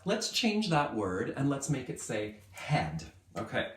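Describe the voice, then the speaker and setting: A male kindergarten teacher giving a lesson to young children in an upbeat way, stretching words out slowly so they can follow. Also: medium pitch, big pitch swings, fairly bright tone, roomy sound.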